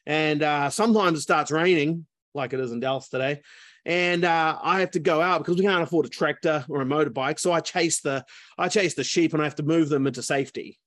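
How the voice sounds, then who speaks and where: A man's voice: fairly high pitch, brisk, a bit bright, no room sound, clean studio sound, lightly acted. A man playing a plain-spoken old farmer.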